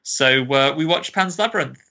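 Guy rambling on a podcast, really bright tone, laughs a lot. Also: a little high, animated, moderate pace, lo-fi sound. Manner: rambling, chatty, laughs easily. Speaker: podcast co-host. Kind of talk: casual chat.

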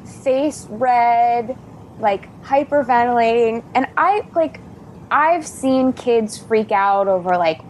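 Young woman, casual podcast chat, animated gushing storyteller, faint background hiss. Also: medium pitch.

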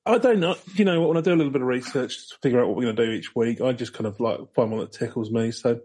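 A man hosting a podcast, casual and dryly understated, with halting fillers. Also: medium pitch, a little mellow, slightly rough. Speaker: podcast host. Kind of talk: casual comedic chat.

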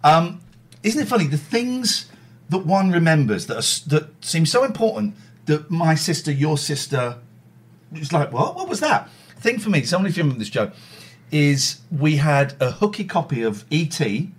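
A husky man in his forties, chatting casually and jokily as a podcast host. His pitch swoops widely as he talks, and he keeps breaking into silly voices. His voice sits a little higher than most men's. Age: 40s. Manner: animated, jokey, quick to break into silly voices. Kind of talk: casual chat.

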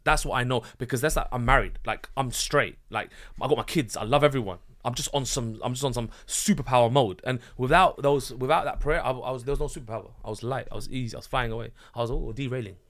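A man who is a business founder and guest on a podcast, talking in a fervent, animated way and restarting his sentences often. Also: mid-range voice, fast talker, few pauses. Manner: animated and fervent, many restarts, rising sharply when excited. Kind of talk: casual podcast conversation.

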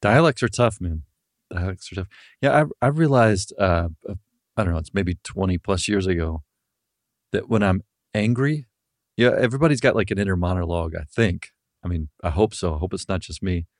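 This podcast host has a low-sitting voice and a fairly quick delivery, captured in clean studio sound with no echo. Chatting casually, he spins loose stories, swears occasionally and laughs without much prompting.

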